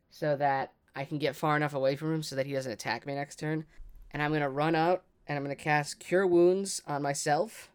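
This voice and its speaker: A tabletop game player thinking aloud, excitable and swearing freely. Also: medium pitch, a little fast, clear, resonant tone. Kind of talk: casual tabletop game play.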